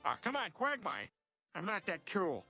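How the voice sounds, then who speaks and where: A man's voice: sits high, wildly swooping pitch, moderate pace, bright, forceful tone, slightly rough, soft background music, exaggerated voice. A synthetic man's voice playing an easygoing, bumbling middle-aged cartoon dad who stumbles and repeats himself. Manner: stumbling, repetitive phrasing.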